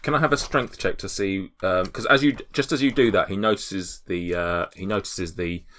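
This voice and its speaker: A man's voice: low voice, normal speed, fairly bright tone. A man running a tabletop game, narrating hesitantly with many fillers. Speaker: game master.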